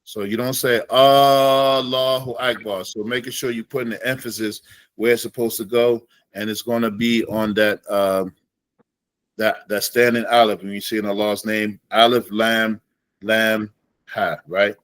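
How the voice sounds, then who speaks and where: A man teaching an Islamic studies class in a relaxed way, slowing down to demonstrate Arabic phrases. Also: on the low side, no room sound, rough recording.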